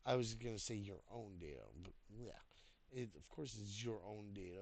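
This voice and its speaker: A tired man giving casual spoken feedback on a writing post, halting, with many fillers and restarts. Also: on the low side. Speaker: writing coach reviewing posts. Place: home desk, online voice chat.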